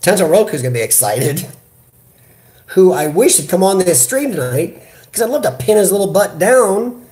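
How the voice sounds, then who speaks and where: A man from the United States hosting a casual live chat, talking in an animated, chatty way into a computer webcam. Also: high-pitched, moderate pace. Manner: animated, chatty, reads viewer comments aloud. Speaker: livestream host. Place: hospital room.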